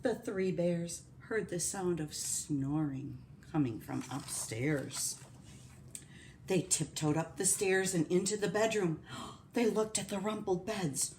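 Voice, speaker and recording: A woman reading a picture book aloud to children, slow and expressive. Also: lowish voice, a little hiss or hum. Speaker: storyteller.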